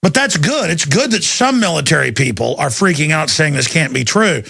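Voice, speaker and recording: A man's voice: on the high side, animated, moderate pace, vocal fry, sharp tone, slightly rough, no room sound, clean studio sound. A man hosting a talk radio show, ranting in a fired-up, sarcastic way. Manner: fired-up, sarcastic, mimics others. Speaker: radio host.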